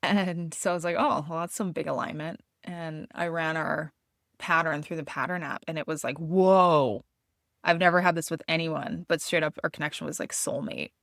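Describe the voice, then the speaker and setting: A woman podcast host telling a personal story in a candid, expressive way, swearing freely. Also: low-pitched, a little fast, vocal fry, no echo, studio quality.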